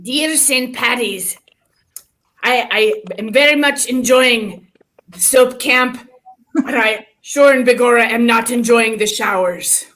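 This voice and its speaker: A woman improvising a comic letter with playful, drawn-out delivery. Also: fairly high pitch, a bit bright, poor audio. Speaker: improv player.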